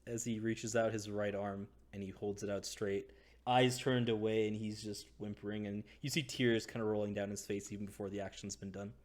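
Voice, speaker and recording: A man narrating as game master in a casual, halting way. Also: lowish voice, flat delivery. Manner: casual, halting, lots of fillers.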